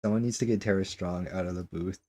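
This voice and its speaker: A man's voice: deep voice, fairly even intonation, fast talker, warm tone, breathy edge. A man streaming a game and chatting casually with viewers, rambling with lots of restarts and questions.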